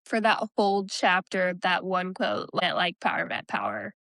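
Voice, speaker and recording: A woman's voice: lowish voice, normal speed, fairly bright tone, no echo. A young woman co-hosting a casual book podcast, giving short agreeing replies and thoughtful musings.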